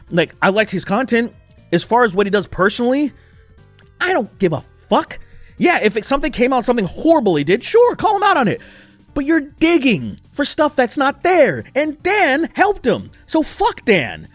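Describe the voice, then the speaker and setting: A man's voice: extremely high pitch, very animated, a little fast, no echo, faint music behind. A young man ranting in a heated, profane commentary, talking emphatically and swearing often. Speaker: commentary YouTuber.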